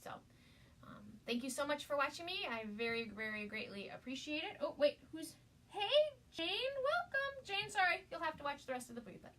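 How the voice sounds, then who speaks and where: A bubbly woman hosts a live-streamed craft demo with a high, bright voice, gushing and calling out to viewers by name. She sits some distance from the mic, with a faint hiss behind her. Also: animated, fairly quick.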